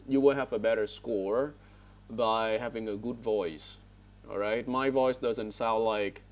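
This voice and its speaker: Male English teacher, lowish voice, headset mic, keeps asking "all right?". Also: a little mellow. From Vietnam. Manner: corrective, repeats words and frequent "all right?" checks. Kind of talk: online speaking lesson. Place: online video class.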